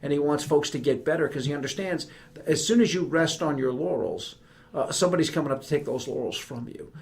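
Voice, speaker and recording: A man in his fifties from New York with a New York accent, a retired army general telling animated, emphatic stories as a podcast guest. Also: on the high side, a little fast, gravelly. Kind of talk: conversational podcast interview.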